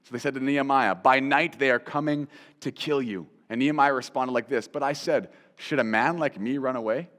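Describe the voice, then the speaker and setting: This Bible teacher and host of a Christian teaching show speaks a little fast in a mid-range voice, recorded in a large hall. Animated and conversational, he repeats phrases to drive points home and puts direct questions to the listener.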